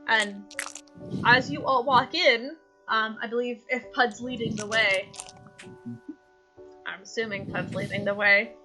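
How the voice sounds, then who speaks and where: A woman with a high voice runs a tabletop game, narrating the scene in a loose, rambling way. She pads her sentences with fillers and restarts as she goes. Music plays clearly underneath. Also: fairly even intonation, unhurried, pauses often, poor audio. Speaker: game master.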